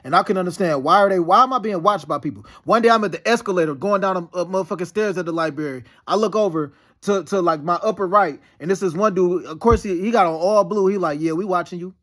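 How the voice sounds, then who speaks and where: This man's high voice has a fairly bright tone as he talks fast through a rambling, profanity-laden casual monologue. He stays heated and insistent throughout.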